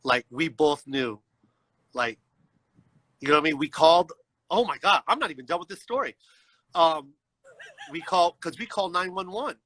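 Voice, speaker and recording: High, bright-voiced man telling a story. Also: moderate pace, long pauses, no echo, rough recording. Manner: animated, acts out voices in his story; frequent "you know what I mean" asides. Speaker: guest storyteller. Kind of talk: casual storytelling on a livestream. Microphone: video call.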